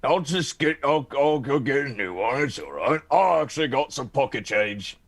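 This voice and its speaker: A man playing in a tabletop game, joking and rambling in a lively way. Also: medium pitch, normal speed. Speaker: player. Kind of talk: in-character tabletop play.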